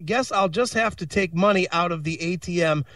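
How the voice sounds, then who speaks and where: A man's voice: high-pitched, moderate pace, fairly bright tone, no echo, clean studio sound, distant mic. A man co-hosting a casual radio talk show, recounting a personal story with swearing, just getting over an illness. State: recovering from illness. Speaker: co-host.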